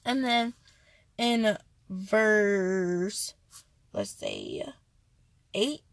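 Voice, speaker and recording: A woman's voice: medium pitch, huge pitch swings, very slow, vocal fry, no echo. A young woman hosting a devotional podcast, reading Bible verses and sharing an earnest, chatty personal testimony. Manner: earnest, chatty, self-correcting.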